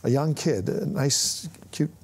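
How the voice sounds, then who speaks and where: An older man, a film writer-director appearing as a guest, tells anecdotes during an on-stage conversation in front of an audience. His mid-range voice is slow and gravelly with a breathy edge. He's an animated storyteller who acts out the voices of the people in his stories.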